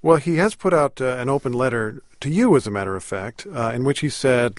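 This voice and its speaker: A man's voice: mid-range voice, lively intonation, brisk, few pauses, no room sound. A man hosting a news interview, asking probing questions. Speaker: interview host.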